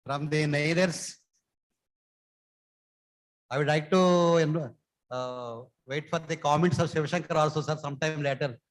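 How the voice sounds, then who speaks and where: A man, chairing a conference session, politely asking questions with frequent pauses. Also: fairly high pitch, poor audio. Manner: polite, deferential, hesitant with fillers. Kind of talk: moderating a conference Q&A.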